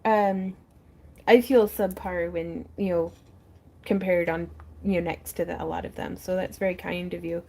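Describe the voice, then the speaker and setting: A woman's voice: fairly low pitch, steady tone, moderate pace, mellow. Chatty giggling woman hosting a craft stream. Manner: chatty, laughs often, reads viewer comments aloud. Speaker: craft livestream host. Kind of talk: casual chat while crafting. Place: home front porch. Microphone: close mic.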